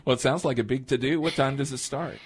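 A man's voice: medium pitch, fast, slight background noise. A man hosting a morning radio show, asking short, easygoing questions of a guest. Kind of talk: radio interview.

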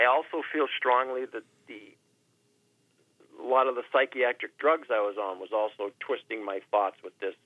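A man in his sixties, a radio guest, speaking haltingly and emotionally, repeating words and with his voice sometimes breaking. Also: medium pitch, no echo. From New Hampshire. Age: 60s. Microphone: telephone. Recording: tinny phone line.

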